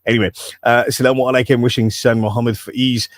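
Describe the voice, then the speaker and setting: A man's voice: medium pitch, flat delivery, fast talker, no echo, studio quality. A man hosting a breakfast radio show, joking and reading out listener messages. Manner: jokey, reads out listener messages. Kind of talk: casual radio banter. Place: radio studio.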